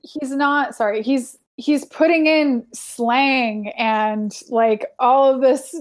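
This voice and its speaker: Woman, casual chat, enthusiastic, gushing, slightly high voice. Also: steady tone, slow.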